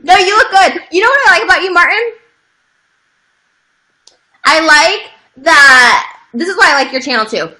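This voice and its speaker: A woman's voice: very high voice, expressive, normal speed, pauses often, bright, forceful tone, rough recording. A young adult woman chatting as a guest on a livestream, blunt and teasing with a bubbly manner. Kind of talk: casual livestream chat.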